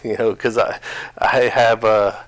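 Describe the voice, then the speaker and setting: A man's voice: lowish voice, flat delivery, measured pace, dry recording. Rambling man with a slight twang. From New Jersey. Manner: rambling, many restarts and fillers. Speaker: gaming channel host. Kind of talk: casual gameplay commentary.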